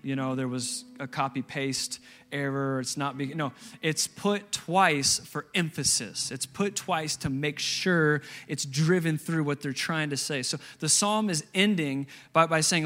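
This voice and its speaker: A man's voice: on the high side, a little slow, a bit bright. A man pastor preaching a sermon, emphatic and repeating key phrases for stress.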